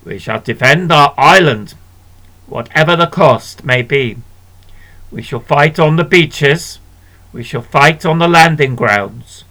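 A man's voice: a little high, slow pace, pushed and bright, heavily acted, low-quality recording. A man voicing an older wartime prime minister giving a grave, declaiming speech in a storybook reading. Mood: defiant.

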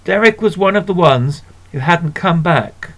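A man narrating a children's story in a measured, gentle way. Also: on the high side, animated. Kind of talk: storybook reading.

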